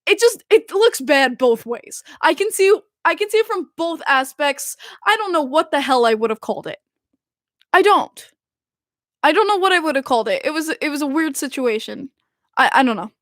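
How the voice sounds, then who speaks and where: A young woman hosting a hockey podcast, excitable and giggly, rambling with frequent restarts like a self-declared fangirl. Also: high voice, no room sound, studio quality. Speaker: podcast host. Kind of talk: casual chat.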